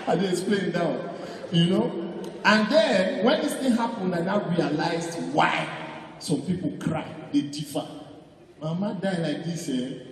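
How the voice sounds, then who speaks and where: Comedian telling jokes with a Nigerian accent in an echoey hall. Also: male voice, sits high, lively intonation, normal speed, a little hiss or hum. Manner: storytelling with Nigerian Pidgin, acting out mourners. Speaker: stand-up comedian. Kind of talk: stand-up comedy routine. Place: large venue on stage. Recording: echoey hall, distant mic.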